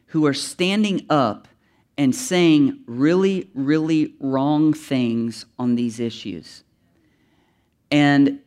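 A man's voice: mid-range voice, darkish tone. A man preaching a sermon as pastor to his congregation in church, earnest and emphatic, often restarting his sentences. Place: church before a live congregation.

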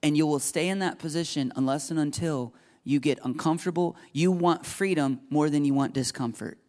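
A man's voice: a little high, a little fast, a little mellow. A man in his thirties preaching a sermon as a pastor, earnest and confessional, acting out quoted prayers.

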